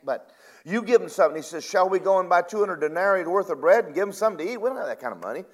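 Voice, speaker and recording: In a sermon, a man with a high, animated voice retells passages of scripture informally. He shifts from loud, emphatic bursts to soft, elongated asides.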